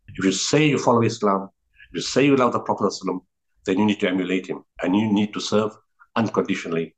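A man's voice: lowish voice, racing, poor audio. A middle-aged man with a South African accent, telling stories in an interview, earnest and repetitive for emphasis. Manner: earnest, repeats words for emphasis, frequent restarts. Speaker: guest, founder of a relief organization. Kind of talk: reflective interview storytelling.

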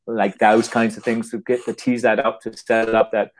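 A man who writes plays, talking casually in an interview, halting and restarting his words and acting out little quotes. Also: fairly low pitch, flat delivery, rough recording. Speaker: playwright.

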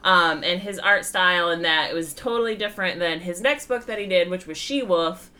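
A woman's voice: on the low side, normal speed, sharp tone. A woman in casual conversation, reviewing a comic with chatty, rambling talk and easy laughs. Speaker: podcast co-host reviewing comics. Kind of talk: casual chat.

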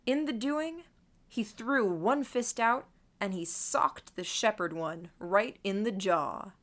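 A woman narrates a first-person novel at an even pace, observant and quietly wry. Her reading is measured and controlled, with a dry edge in the asides. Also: mid-range voice. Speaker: audiobook narrator.

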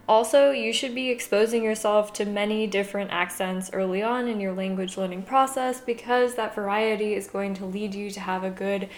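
A young woman from the USA hosting a podcast, giving a clear, measured, scripted monologue. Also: mid-range voice, echoey room. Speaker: podcast host.

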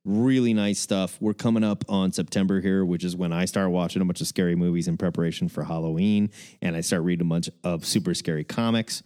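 A man co-hosting a comics podcast in casual chat, animated and jokey, swearing freely. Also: low voice, brisk. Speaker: podcast co-host.

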